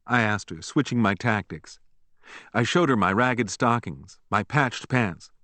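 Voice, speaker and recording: A man narrating a memoir audiobook in a measured, even storytelling manner on a close studio mic. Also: lowish voice, no echo.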